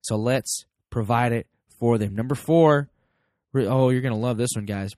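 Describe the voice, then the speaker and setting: A man's voice: mid-range voice, moderate pace, a little mellow, no echo, studio quality. An American man hosting a parenting podcast, giving an emphatic motivational talk to his listeners and acting out both sides of little everyday dialogues. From United States.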